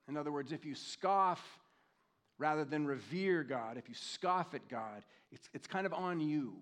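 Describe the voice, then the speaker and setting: Middle-aged male pastor, slightly high voice, conversational sermon delivery, slows down for scripture. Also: lively intonation, a bit bright. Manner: conversational, reflective, reads scripture slowly.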